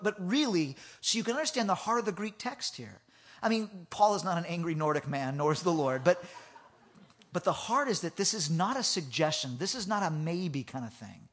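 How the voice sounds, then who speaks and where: A man with a fairly high voice preaches a sermon, lively and storytelling. He laughs often and stumbles into restarts as he talks. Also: brisk. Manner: animated, laughing, with frequent restarts. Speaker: pastor. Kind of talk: sermon with a humorous personal story.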